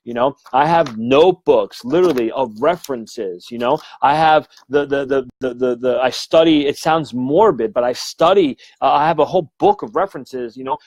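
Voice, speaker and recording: A man's voice: mid-range voice, moderate pace, hardly any pauses, a little mellow, poor audio. A man giving a casual livestream talk as a medium, earnest and rambling, restarting his sentences and swearing now and then. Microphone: phone or webcam livestream.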